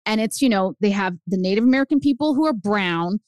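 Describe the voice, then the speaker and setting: A woman guest author chatting on a podcast, animated and telling stories while acting out quoted lines. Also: medium pitch, fast talker, dry recording. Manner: animated storyteller, acts out quotes. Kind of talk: casual podcast chat.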